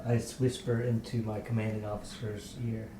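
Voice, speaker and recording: A man's voice: lowish voice, flat delivery, moderate pace. A man playing a tabletop game, joking and firing off questions in casual chat. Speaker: player. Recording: echoey room, mic far off, noise.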